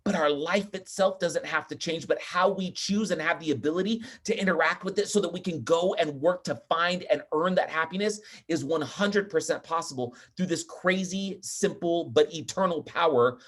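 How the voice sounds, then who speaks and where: A man speaking as a podcast guest, talking in an energetic, emphatic and chatty way. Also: a little high, normal speed, few pauses. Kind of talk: casual interview talk.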